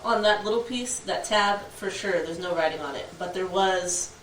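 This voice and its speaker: A woman's voice: medium pitch, normal speed, a bit bright, a little hiss or hum, poor audio. A woman in a casual podcast chat, cutting in with blunt, matter-of-fact remarks and some swearing.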